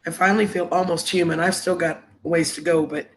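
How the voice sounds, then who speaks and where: A woman's voice: lowish voice, fairly even intonation, a little fast. A woman hosting a casual live stream, congested and sniffly with a cough, greeting viewers with endearments over a laptop microphone.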